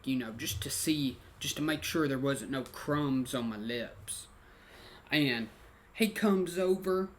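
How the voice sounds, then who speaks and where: Rambling, cussing male storyteller. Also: fairly high pitch. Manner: rambling and profane, full of "you know" fillers; slangy Southern-tinged dialect grammar. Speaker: vlogger. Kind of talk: casual storytelling.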